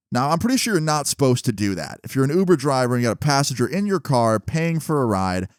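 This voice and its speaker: A young man tells a storytime in an animated, exasperated way, swearing freely. His voice sits at a middling pitch, and the recording is dry and close. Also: clean tone, no room sound. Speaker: vlogger. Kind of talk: casual storytime.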